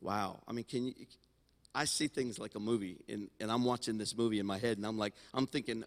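A man preaching a sermon as senior pastor, telling the story in an animated way and swinging from loud to quiet. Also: lowish voice, fairly quick. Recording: long hall reverb in a sanctuary.

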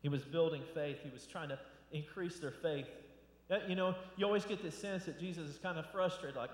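A man's voice: a little high, a little fast. A male pastor giving a loose, conversational sermon, often repeating words and restarting phrases. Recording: echoey hall with long reverb.

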